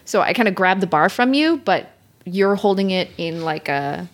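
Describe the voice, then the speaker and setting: A woman's voice: lowish voice, animated, normal speed. A woman playing an improvised romance role-play game, narrating her character's moves in a playful, giggly way. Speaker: co-host and player.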